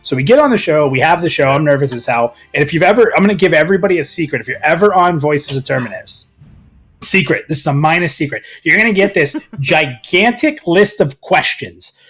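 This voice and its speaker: A man with a fairly high voice that swoops up and down through his sentences. He tells stories in a casual group chat, and laughter keeps breaking into his words. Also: fairly quick. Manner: animated storyteller, laughs often mid-sentence. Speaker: show regular telling a story.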